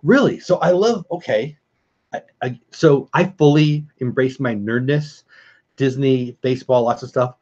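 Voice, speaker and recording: A man's voice: medium pitch, measured pace, a little mellow. A middle-aged man from California hosting a casual late-night livestream, rambling chattily and greeting viewers by name. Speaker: livestream host. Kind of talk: casual livestream chat reading viewer comments. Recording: slightly dull lo-fi stream audio.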